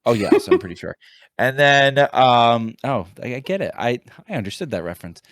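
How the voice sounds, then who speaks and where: A man in his thirties from the United States chats casually on a podcast. He tells a story in a rambling, animated way and keeps restarting his sentences. His voice sits at an ordinary male pitch and sounds dry and close. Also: normal speed, no room sound. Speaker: podcast co-host, high school teacher. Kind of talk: casual chat.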